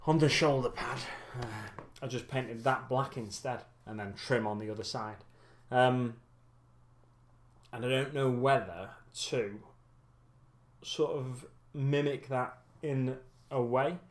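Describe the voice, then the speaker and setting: A man's voice: mid-range voice, fairly even intonation, slow pace. Guy rambling through a chill hobby stream, lots of ums, kinda tired, regular mid voice. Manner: rambling and musing, many ums and self-corrections. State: getting tired. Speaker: hobby livestream host. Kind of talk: casual chat while building miniatures.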